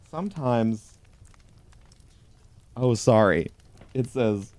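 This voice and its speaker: A man reading a pun picture book aloud as a comic bit, in a mock-solemn deadpan way, talking to a toy penguin. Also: fairly low pitch, slow, pauses often, no room sound. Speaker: host. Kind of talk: deadpan comedic storybook reading.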